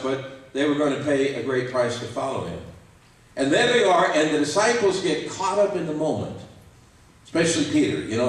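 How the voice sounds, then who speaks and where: A man preaching a sermon as pastor, animated and acting out quoted voices. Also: fairly high pitch. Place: church sanctuary. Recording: echoey church hall, mic at a distance.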